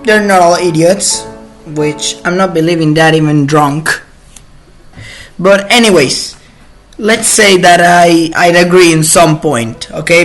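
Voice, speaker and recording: A man's voice: on the high side, fairly bright tone. A man hosting his own channel, delivering an indignant, opinionated monologue that halts and restarts as he goes. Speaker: channel host. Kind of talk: ranting monologue.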